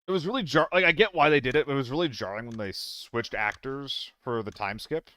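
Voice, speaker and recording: A man's voice: mid-range voice, brisk, sharp tone. A young man live-streaming a shooter game, chatting loosely with viewers, swearing and getting flustered in fights. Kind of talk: casual live-stream chat while gaming.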